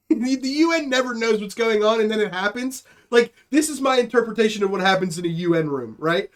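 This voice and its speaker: High-voiced young guy riffing comedy. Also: animated, brisk. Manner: riffing, acts out silly bits with put-on voices. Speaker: podcast co-host. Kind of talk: casual comedic chat.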